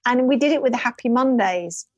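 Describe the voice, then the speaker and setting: A woman, a podcast guest telling lively stories in casual chat, laughing often. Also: on the high side, brisk, dry recording. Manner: animated storyteller, laughs often.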